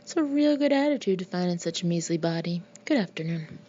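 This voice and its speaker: A woman reading the part of a gruff middle-aged male Marine colonel who speaks harshly and bluntly. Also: fairly low pitch, animated, a little fast, mellow. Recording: dull lo-fi recording.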